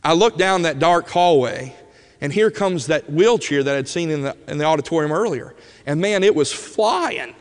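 A man preaching a sermon as an animated storyteller who swings from loud bursts to hushed moments, in a church sanctuary. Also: a little high, moderate pace, long reverb tail.

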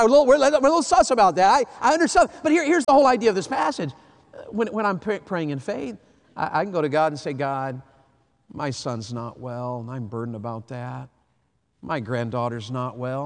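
A man, preaching a sermon, swinging from hushed to loud. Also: on the high side. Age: 50s. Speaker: pastor. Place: large church hall. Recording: long hall reverb.

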